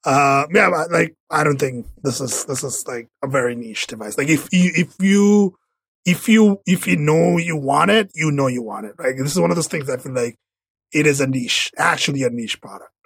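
Gravelly rambling man on a podcast. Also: on the high side, normal speed, a bit bright, no room sound. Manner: rambling, many fillers and restarts. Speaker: podcast co-host. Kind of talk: casual tech podcast chat.

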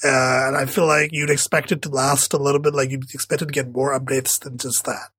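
A man's voice: mid-range voice, level tone, fast talker, a bit bright, husky, no echo. A man co-hosting a casual tech podcast, rambling with many fillers and restarts. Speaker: podcast co-host.

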